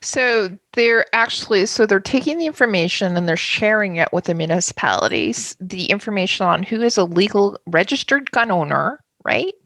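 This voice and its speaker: A woman's voice: mid-range voice, animated, normal speed, few pauses, a bit bright, no echo. A woman co-hosting a podcast, chatting casually and firmly confirming points. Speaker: podcast co-host. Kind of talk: casual chat.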